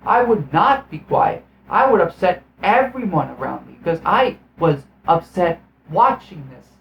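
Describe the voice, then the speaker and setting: A man's voice: sits high, lively intonation, unhurried, creaky, reverberant, lo-fi sound, slight background noise. A man giving a casual film review in a profane, sarcastic, exasperated rant. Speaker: movie reviewer.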